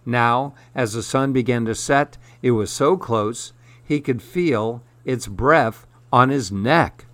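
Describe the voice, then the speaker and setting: Slow, measured male horror narrator. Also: medium pitch, fairly bright tone, no room sound. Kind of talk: scripted horror story narration.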